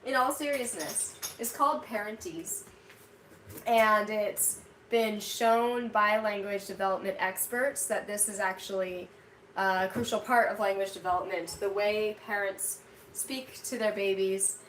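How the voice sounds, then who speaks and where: Unhurried and fairly bright, this woman's medium-pitched voice stays fairly even as she cooks at home and talks to live viewers. Her chat rambles, filled with "like," and the distant mic picks up the roomy kitchen's background noise.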